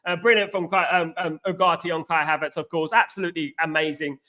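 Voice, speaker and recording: A Cockney man from East London hosts a live football reaction stream, his voice pitched high and ringing with a bright, sharp edge. He is excitable and chatty, shouting out viewers by name and leaning on the same stock phrases again and again. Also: brisk. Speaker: host of a football reaction livestream. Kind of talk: live reaction chat reading viewer comments.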